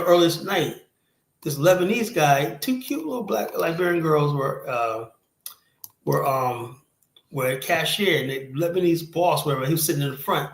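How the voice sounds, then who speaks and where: A man hosting a stream, talking bluntly and profanely and rambling, with a steady stream of "you know". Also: on the high side. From United States. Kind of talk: casual stream talk. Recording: roomy echoey sound.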